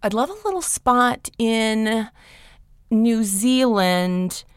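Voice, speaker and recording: Slow-talking Southern woman guest. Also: a little high, clean tone, no room sound, clean studio sound. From Georgia, US. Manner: slow, musing, self-deprecating. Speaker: podcast guest. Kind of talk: casual interview chat.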